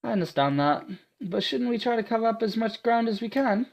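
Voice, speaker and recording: A man's voice: very high voice, animated, brisk, vocal fry, voice pushed up, exaggerated voice. A man doing a meek, stammering young woman. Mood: timid. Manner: hesitant, stammering. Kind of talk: reading a visual novel aloud.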